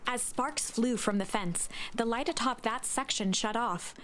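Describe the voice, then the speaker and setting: A woman narrating a story game in a calm, dry storybook tone. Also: fairly high pitch, a little slow, a little hiss or hum.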